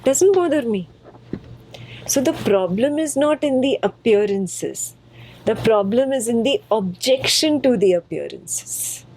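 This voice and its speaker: A woman's voice: a little high, animated, a little slow, darkish tone, slightly rough, poor audio. Woman teaching, patient and playful. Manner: patient, playful, repeats phrases for emphasis. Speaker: spiritual teacher. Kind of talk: explaining a spiritual text to students.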